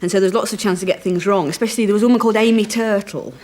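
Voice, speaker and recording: A woman's voice: mid-range voice, very fast, darkish tone. A woman comedian on a talk show, telling self-mocking anecdotes in a dry manner and acting out quoted voices. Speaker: comedian guest. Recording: 1980s TV studio with audience laughter.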